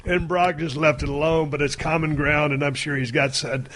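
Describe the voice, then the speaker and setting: A man's voice: on the high side, level tone, fairly quick, a bit bright, a little hiss or hum. A man hosting a podcast, chatting casually in a blunt, slangy drawl and often repeating his words. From South Texas. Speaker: podcast host. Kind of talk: casual chat.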